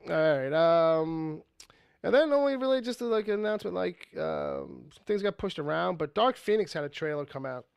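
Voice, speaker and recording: A man's voice: a little high, sing-song, normal speed, creaky, clear, resonant tone, no echo. A man co-hosting a podcast, rambling casually about movie news, with frequent swearing and laughter. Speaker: podcast co-host.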